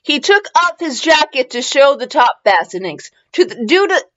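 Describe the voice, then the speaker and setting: A woman reads fan fiction aloud for laughs in a high, giggly voice. She is wired on caffeine, so her delivery swoops wildly up and down. The home recording sounds dull and lo-fi. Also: moderate pace. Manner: giggly, excitable, frequent laughing outbursts and tangents. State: wired on caffeine after little sleep. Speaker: podcast host reading fan fiction. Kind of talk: comedic dramatic reading.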